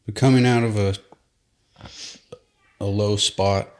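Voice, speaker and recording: A father gives halting, reserved answers. His voice is very deep and flat, and he speaks slowly. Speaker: father of guests. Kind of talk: interview answer.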